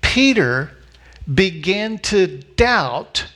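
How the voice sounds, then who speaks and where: A man preaching a sermon as a pastor, telling a story with lively acted-out voices and repeating key lines slowly for emphasis. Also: high-pitched. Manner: animated storytelling, acting out voices of people in the story.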